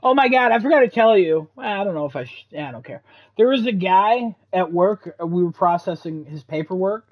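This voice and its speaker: A man co-hosting a casual podcast chat, excitable, laughing often and throwing in mock exclamations. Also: sits high, brisk. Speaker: podcast co-host. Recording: dull lo-fi podcast audio.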